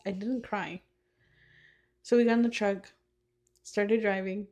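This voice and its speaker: A woman's voice: a little high, normal speed. A young woman co-hosting a podcast with her sisters, telling a story in casual chat, acting out what people said and laughing often. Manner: animated storytelling, acts out quotes, laughs often. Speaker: podcast co-host.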